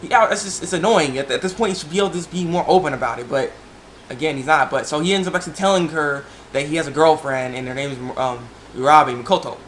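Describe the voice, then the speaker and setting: Excitable young man rambling about an anime. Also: fairly high pitch, fast, slight background noise. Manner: excitable, laughing, lots of fillers and restarts. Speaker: anime reviewer. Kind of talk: casual video review.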